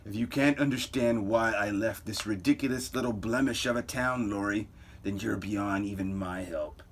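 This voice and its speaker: A man voicing a scheming, condescending young male villain in a comic book reading. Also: normal speed. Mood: cold. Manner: low, quiet, condescending.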